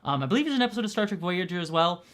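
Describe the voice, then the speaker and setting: A woman's voice: on the low side, sing-song, very fast. A young adult woman host talking casually, rambling with many restarts and fillers. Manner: rambling, heavy use of "like", frequent restarts. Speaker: host and director. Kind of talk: casual commentary.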